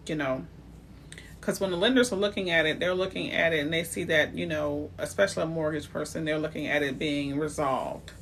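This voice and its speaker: Bright-voiced chatty woman realtor. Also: sits low, fairly even intonation, fairly quick, slight background noise. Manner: chatty and direct, greets viewers by name. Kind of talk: live-stream talk on building credit.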